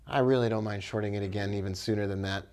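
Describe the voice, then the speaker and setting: A man's voice: on the low side, steady tone, fast talker, darkish tone. A man giving live trading commentary, thinking aloud with upbeat exclamations and talking to viewers by name. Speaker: forex trader.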